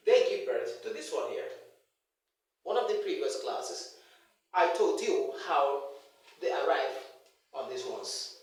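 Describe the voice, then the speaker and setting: A man's voice: fairly high pitch, very animated, takes it slowly, pauses often. A man teaching English pronunciation in a classroom lecture, repeating words over and over for emphasis. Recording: echoey room, mic far off.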